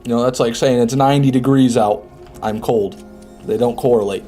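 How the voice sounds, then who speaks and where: A relaxed, mellow-voiced man talks through a live game session, casually answering chat as he plays. His tone is dark and easygoing at a middling pitch. Faint music plays underneath. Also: moderate pace. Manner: chatty, reads and answers chat. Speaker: streamer. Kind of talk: casual live gameplay commentary.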